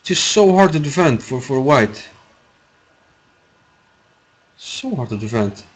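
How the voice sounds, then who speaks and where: A man's voice: medium pitch, big pitch swings, takes it slowly, breathy edge. Man, casual rambling chess commentary, mid-range voice, chatty with viewers. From Iceland. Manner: rambling, chatty, answers chat, laughs often. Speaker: chess streamer commentating a live game.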